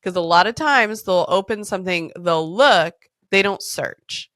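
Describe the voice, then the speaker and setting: A woman's voice: fairly low pitch, animated, measured pace, a bit bright, dry recording, studio quality. A woman podcast host in her thirties, telling stories in a candid, casual way, swearing freely and laughing often. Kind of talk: casual storytelling chat.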